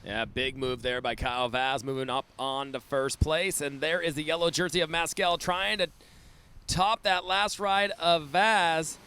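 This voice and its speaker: A man's voice: on the high side, steady tone, measured pace, bright, forceful tone, smooth. A man calling a live surf contest play-by-play, enthusiastic and often laughing. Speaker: surf commentator. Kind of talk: live sports commentary.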